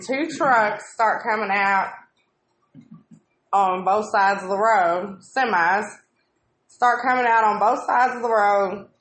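A woman's voice: medium pitch, a bit bright. Swearing woman, roomy echo. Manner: swears constantly, ranting and exasperated. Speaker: co-host of a live video chat. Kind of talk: casual profane storytelling.

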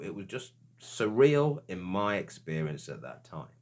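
Guy with a super deep voice, telling his own story, lots of stops and restarts, earnest and searching. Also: sing-song, darkish tone. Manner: hesitant, halting, with frequent restarts. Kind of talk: reflective personal account.

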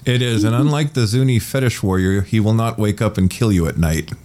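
Man, show host, lowish pitch, easygoing, friendly, casual chat. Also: fairly quick, a little mellow.

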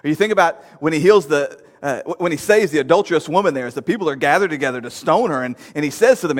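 A man with a high voice delivers a sermon in a casual, conversational tone that builds to emphatic peaks. His voice carries a long reverb from a church sanctuary. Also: lively intonation, rapid-fire, few pauses. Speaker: pastor.

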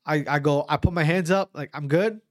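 A man with a fairly high voice tells a story about his fight in a loose, animated way, tripping over his words and starting sentences over. He swears casually and acts out the voices of people in the story. The recording is dry and close, with no room sound. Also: brisk, no echo. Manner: animated, frequent restarts and stammers, acts out quotes. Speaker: amateur fighter recounting a bout.

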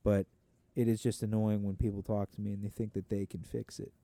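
Blunt sarcastic guy on a podcast, dark dry voice, swears a lot. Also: lowish voice, little pitch movement, brisk, dry recording. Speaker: podcast co-host. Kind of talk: casual chat.

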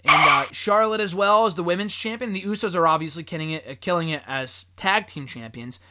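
A man's voice: high voice, fairly quick, heavy background noise. A man hosting a casual chat, blunt and profane and often laughing. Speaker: podcast host.

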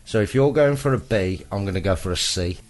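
A nervous man hosts a casual podcast chat in a podcast studio with music playing in the background, laughing often and swearing freely. His voice is lowish, expressive, and darkish in tone, and he speaks a little fast.

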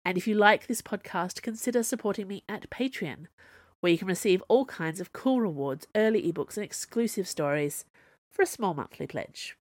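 A woman's voice: normal speed, dry recording, clean studio sound. A woman author reading her own serial story aloud, acting out the dialogue. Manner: expressive, voices dialogue with big pitch jumps. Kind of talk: storybook narration.

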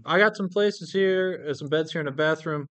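A man speaking in character in a tabletop game, halting with many fillers. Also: a little high, a bit bright. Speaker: tabletop player. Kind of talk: in-character role-play.

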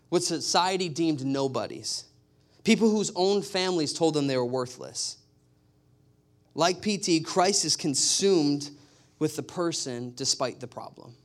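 A man with a fairly high voice delivers a sermon. He tells stories in an animated way and drives his points home with emphatic repetition. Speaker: pastor.

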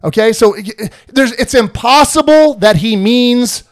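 Male podcast host, high-pitched and animated, slangy casual chat. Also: a little slow, clear, resonant tone. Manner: animated, slangy, repetitive restarts.

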